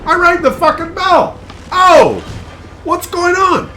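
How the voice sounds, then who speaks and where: A man's voice: lively intonation, takes it slowly, pushed and bright, a little hiss or hum, heavily acted. A man voicing his impatient pet dog, whining and indignant about being left outside. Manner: whiny, indignant, high-pitched.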